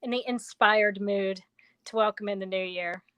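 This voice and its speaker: A woman's voice: medium pitch, steady tone, normal speed, a bit bright. A woman co-hosting a livestream, chatty and giggly. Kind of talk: casual chat.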